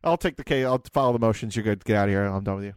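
A man's voice: fairly low pitch, rapid-fire, smooth, no room sound. A man co-hosting a comedy podcast, doing an improvised bit, rambling and cutting himself off. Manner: rambling, self-interrupting, laughing. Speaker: podcast co-host.

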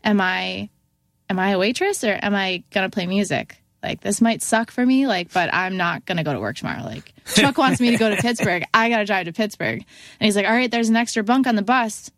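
A young woman guest on a podcast, a musician, speaks in a mid-range voice and fairly quickly as she casually tells a story. The clean studio audio has no room sound, and she's lively, often saying "like" and raising her voice to play out what people said.

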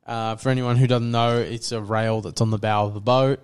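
Smooth-voiced man telling a story. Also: medium pitch, moderate pace. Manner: rambling, relaxed storyteller. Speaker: podcast co-host. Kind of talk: casual storytelling chat.

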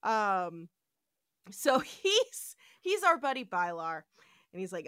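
A woman's voice: medium pitch, slow, clear, resonant tone, dry recording, studio quality. A woman hosting a casual podcast, retelling episode scenes and acting out the characters' lines. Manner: animated storytelling, acts out quotes. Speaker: podcast host.

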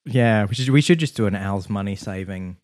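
A man's voice: on the low side, fairly quick, darkish tone, no echo, studio quality. A man joking and laughing in a casual podcast chat, swearing freely. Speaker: podcast co-host.

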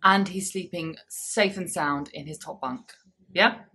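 A woman in her thirties co-hosting a podcast, chatting casually with wry, deadpan asides. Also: on the low side, unhurried, breathy edge. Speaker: podcast co-host. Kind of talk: casual chat. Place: small public toilet.

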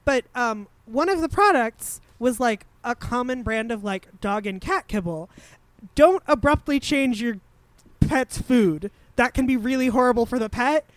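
A young woman co-hosting a podcast in casual chat, quick and offhand. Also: fairly high pitch, lively intonation, no echo. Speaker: podcast co-host.

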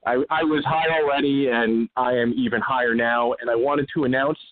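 A man calls in to a podcast, joking around in a chatty way and stumbling over his words as he restarts his sentences. His voice comes through a tinny, narrow phone line at a mid pitch. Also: fairly even intonation, a little fast. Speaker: caller. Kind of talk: casual call-in chat.

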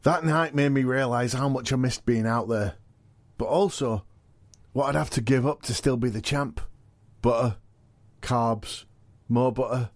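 A man's voice: mid-range voice, a little slow, pauses often, no room sound, lightly acted. An actor playing a cocky, evasive, washed-up male wrestling champion in a comedy audio drama. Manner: blustering and boastful, with sudden panicked yelps.

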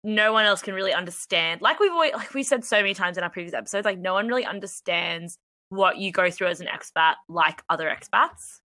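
Australian woman, podcast co-host, bright clear tone, dry close sound, chatty. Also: medium pitch, animated, fast talker, no echo. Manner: chatty, laughs often, lots of "like" fillers. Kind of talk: casual chat. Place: Australian expat living in London, recording indoors.

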